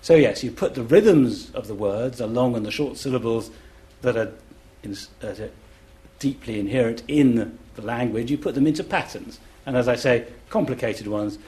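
A man speaking as a classics scholar on a festival panel, explaining in a measured, demonstrative way and chanting rhythms aloud to show them. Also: mid-range voice, dark tone. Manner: measured and deliberate. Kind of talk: explanatory public talk.

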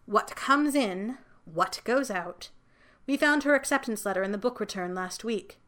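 A practical storybook librarian, brisk and matter-of-fact, as a woman reads her part. Her voice is slightly high and steady.

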